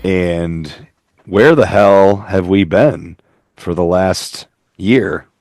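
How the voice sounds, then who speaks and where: Deep-voiced man hosting a podcast. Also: very slow, darkish tone, no room sound, clean studio sound. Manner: rambling, self-mocking jokes. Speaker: podcast host. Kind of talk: casual podcast chat. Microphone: remote call.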